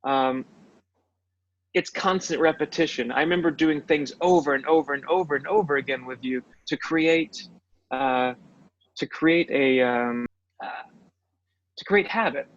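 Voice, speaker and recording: Slightly high-voiced male actor, dull dry audio. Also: unhurried, long pauses, fairly bright tone. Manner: reflective storytelling. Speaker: guest actor. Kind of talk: casual interview.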